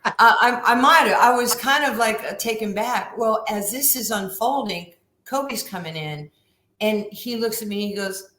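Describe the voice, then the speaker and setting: A woman in her sixties telling stories as a guest on a podcast, animated and acting out the lines of other people. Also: medium pitch, normal speed. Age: 60s. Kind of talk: storytelling in a podcast interview. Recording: roomy echo.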